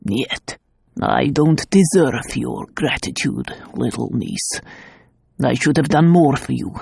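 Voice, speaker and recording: A woman voicing a gruff, protective middle-aged uncle in an audiobook, speaking gravely and bluntly. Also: animated, takes it slowly, darkish tone, dry recording, clean studio sound, exaggerated voice. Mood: bitter. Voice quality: low, gravelly and husky. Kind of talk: audiobook character voice.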